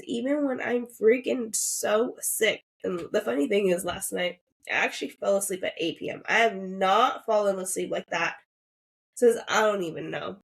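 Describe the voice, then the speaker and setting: A woman's voice: medium pitch, measured pace, gravelly, fairly bright tone. A woman in her thirties, sick and a little nasal from congestion, musing earnestly and upbeat as a solo podcast host.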